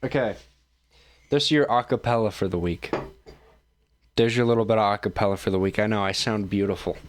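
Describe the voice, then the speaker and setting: A man's voice: on the low side, fairly quick, a little hiss or hum. A man hosting his own streaming show, reacting to videos in loose, joking, self-mocking chat while sounding tired and yawning. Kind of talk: casual rambling commentary.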